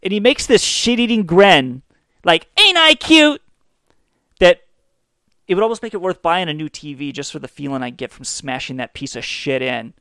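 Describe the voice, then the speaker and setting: A man's voice: a little high, brisk, fairly bright tone, dry recording. A man hosting a comedy podcast, delivering a profane, mocking rant into a close mic. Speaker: podcast host. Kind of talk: ranting comedy monologue.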